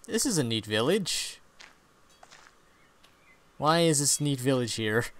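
A man's voice: medium pitch, sing-song, slow, a bit bright, slight background noise. A man giving playful let's play commentary, reading game text aloud and pretending to be scared. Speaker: gamer.

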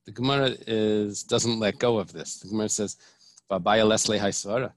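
A man's voice: fairly low pitch, fairly even intonation, normal speed, no echo. A man, a rabbi, teaching a Talmud lesson. He explains each point step by step, often restarting and repeating phrases. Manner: explanatory, repeats and restarts, mixes Hebrew terms.

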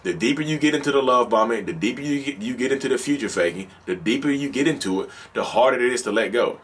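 A man with a Southern drawl hosts a casual solo podcast. His voice is slightly husky and sits in an ordinary middle pitch. He speaks emphatically, circling back over his points and restarting sentences mid-thought. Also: expressive, quick pace. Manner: repetitive, emphatic, restarts sentences, acts out quoted lines. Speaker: podcast host.

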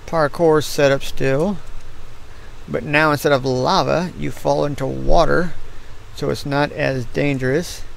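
A tired middle-aged American man with a gravelly voice, yawning as he rambles through casual commentary on his gameplay stream. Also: a little high, slight background noise, low-quality recording.

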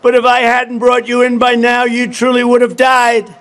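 A man's voice: little pitch movement, normal speed, a bit bright. A man voicing a tender-hearted woman in a raised, dramatic voice as she cries out. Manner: high, crying out, dramatic. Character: tender-hearted kind woman, frightened after a bite.

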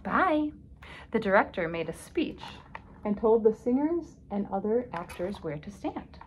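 A woman's voice: medium pitch, normal speed, slight background noise, low-quality recording. Woman reading a picture book aloud. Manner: expressive, asks listeners questions. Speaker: storybook reader.

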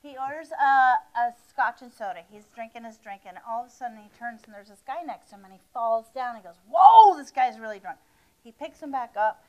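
A woman's voice: fairly high pitch, fairly quick, hardly any pauses, rough recording. A woman guest comic telling jokes on a talk show in a rambling, stumbling way.

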